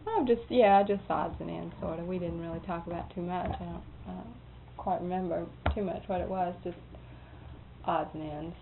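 Gravelly-voiced woman telling a folksy story. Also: lowish voice, moderate pace. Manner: folksy, rambling, quotes others' speech. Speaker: storyteller being interviewed. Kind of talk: casual anecdote telling. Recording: tinny phone-like recording with faint noise.

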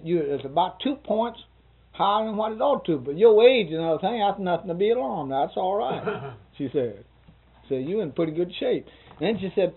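In his 60s, this interviewee has a fairly high, slightly rough voice and tells a long, rambling story about a doctor's visit. He chuckles and quotes dialogue in a casual storytelling style, captured on a tinny, phone-like recording.

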